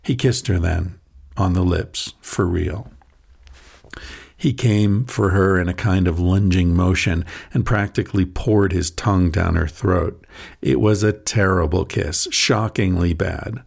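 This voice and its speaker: A man reading a short story aloud in a soft, measured narrating voice, with a husky, gravelly tone. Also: low-pitched, steady tone.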